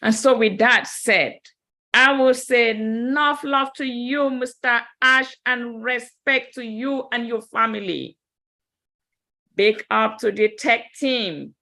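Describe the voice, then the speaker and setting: Bright, forceful woman giving blessings. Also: on the high side, slow pace, gravelly. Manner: warm, blessing-filled and tired. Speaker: call participant. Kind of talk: excited online call testimony.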